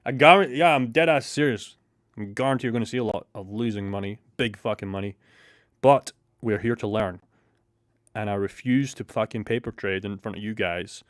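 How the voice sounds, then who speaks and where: A man's voice: lowish voice, brisk, dry recording, clean studio sound. A man hosting a casual trading livestream, reading out chat and swearing often. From Scotland. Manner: excitable, swears a lot, reads chat aloud. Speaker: livestream host.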